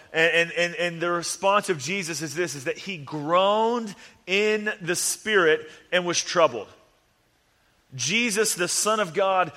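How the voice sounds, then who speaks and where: Male pastor, fairly high and forceful, earnest sermon delivery in a reverberant hall. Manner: earnest, repetitive emphasis, casual fillers.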